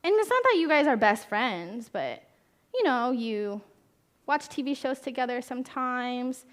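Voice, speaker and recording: A young woman therapist speaking to a room of parents in a chatty, conversational way, her voice sitting a little high. She often asks the audience questions and briefly slips into the voices of the people she quotes. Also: sing-song, measured pace. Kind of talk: talk at a conference.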